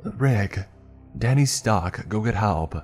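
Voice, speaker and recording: A man voicing a panicked young boy stuck in a tunnel, shrill, pleading and breathless. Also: expressive, slow, warm tone, faint music behind.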